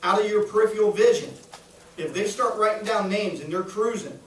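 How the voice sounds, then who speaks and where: A man's voice: sits high, a little fast, slight background noise. A man giving a live sales training talk to a small audience in a room, upbeat and coaching, often checking if the room is following. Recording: echoey room, voice a little far.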